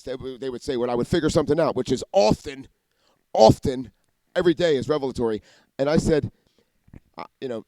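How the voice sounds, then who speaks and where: A man in a rambling monologue, talking fast and cursing a lot, often restarting and jumping between ideas. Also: mid-range voice, dark tone, no room sound. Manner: rapid, profane, restarts and jumps between ideas. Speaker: vlogger.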